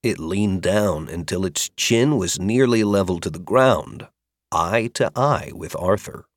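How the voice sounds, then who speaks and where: A man narrating an audiobook fantasy chapter with expressive, varied storytelling. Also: sits low, unhurried, no room sound, studio quality. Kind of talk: scripted narration.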